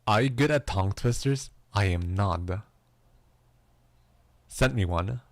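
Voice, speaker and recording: A low, gravelly male voice chatting casually with his stream viewers. He is playful and quick to laugh at himself. The sound is close and dry, with no room around it. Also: no room sound. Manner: playful, self-mocking, laughs often. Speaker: livestreaming musician.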